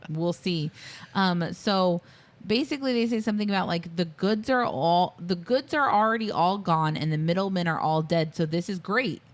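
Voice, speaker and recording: A woman with a slightly low voice hosts a casual movie review podcast. She retells scenes in a chatty, animated way, full of fillers, and slips into the characters' lines as she goes. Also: normal speed. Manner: animated storyteller, acts out quotes. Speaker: podcast co-host.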